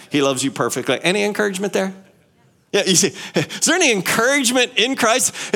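A male pastor with a high voice preaches an animated sermon, using rhetorical questions and repetition.

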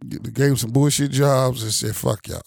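A man from the Chicago area in a heated casual political chat, blunt and profane, often getting loud and animated. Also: mid-range voice, normal speed, vocal fry, dry recording, studio quality. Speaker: panel commentator.

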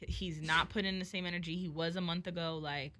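Young woman, rapid chatty storytelling, bright tense voice, low-ish pitch, acts out both sides of a quarrel. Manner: animated, profane storytelling with quoted dialogue. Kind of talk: casual chat.

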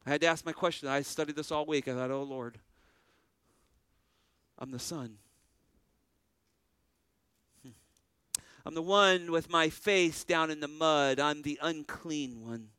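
A man's voice: on the high side, normal speed, bright, forceful tone, clean tone, no room sound, studio quality. A man preaching a sermon as pastor, earnest, with a rising and falling preaching cadence.

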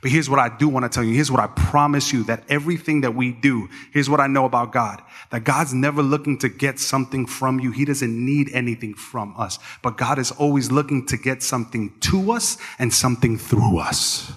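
Pastor guy telling stories in church, brightish voice, big echoey hall. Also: medium pitch, a little fast, hardly any pauses, husky. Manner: animated storyteller, acts out quoted voices. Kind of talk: conversational sermon with storytelling. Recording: long church hall reverb.

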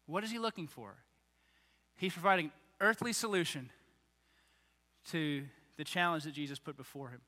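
A man preaching a sermon as a pastor, animated and acting out the voices of the people he quotes. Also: on the high side, moderate pace, pauses often. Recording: long reverb of a large hall.

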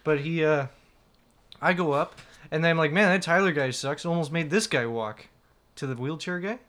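A man's voice: on the high side, normal speed, fairly bright tone. A young man co-hosting a comedy podcast, rambling through a story with lots of laughter. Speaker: podcast co-host. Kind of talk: casual comedy podcast chat.

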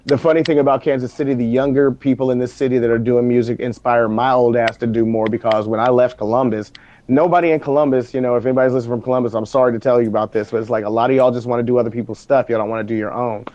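A man's voice: mid-range voice, dry recording, muffled recording. A man, a musician guest in a casual online show chat, talking candidly and animatedly. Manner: fast, animated, candid talker.

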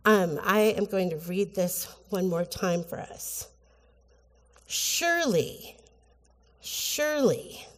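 A woman pastor giving a sermon in an earnest, halting way, with frequent restarts. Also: lowish voice, steady tone. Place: church sanctuary. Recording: church hall with long reverb.

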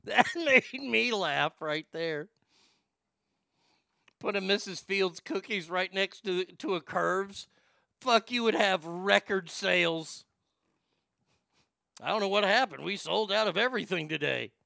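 A man hosting a comedy show, ranting crudely and making a prank call, excitable, profane and full of stammered restarts. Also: sits high, a little slow, vocal fry, pauses often, no room sound, clean studio sound.

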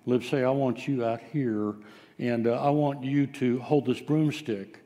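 A man's voice: medium pitch, fairly even intonation, a little slow, dark tone, big-room sound. A man preaching a sermon, telling stories in a folksy way with frequent filler sounds. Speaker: pastor.

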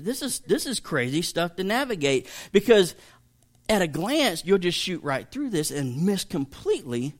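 Chatty man teaching Scripture. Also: medium pitch. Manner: chatty, emphatic, joking with listeners. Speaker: pastor teaching a Bible study. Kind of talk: casual evening Bible teaching.

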